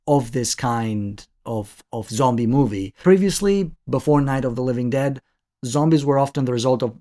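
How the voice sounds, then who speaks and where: A man's voice: mid-range voice, darkish tone. A man giving an analytical video essay review of a classic film, talking thoughtfully with frequent restarts.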